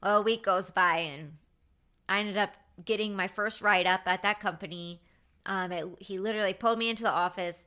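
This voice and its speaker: A woman in her thirties, a podcast host telling a story in a casual, animated way with lots of fillers. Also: medium pitch, a little fast, clear, resonant tone. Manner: animated, chatty, with many fillers.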